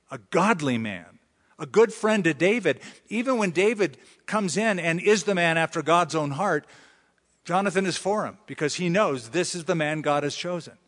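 A man's voice: fairly high pitch, a bit bright. A man preaching a sermon, who often acts out the voices of the people he quotes. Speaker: pastor. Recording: long hall reverb.

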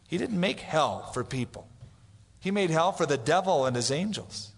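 A man's voice: on the high side, expressive, normal speed, creaky. A man preaching a sermon as pastor, telling stories and acting out the voices of the people he quotes. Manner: storytelling, acts out quoted voices. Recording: long hall reverb.

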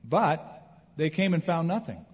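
A man preaching a sermon as pastor, with swings from loud emphasis to quiet, heavy moments. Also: on the high side, measured pace, breathy edge. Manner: expressive preaching with wide swings in loudness. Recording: dull lo-fi recording in a reverberant hall.

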